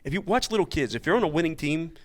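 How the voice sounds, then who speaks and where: A man coaching baseball, talking on a coaches' panel in a halting, searching way, often repeating words. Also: fairly high pitch, lively intonation. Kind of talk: casual panel chat.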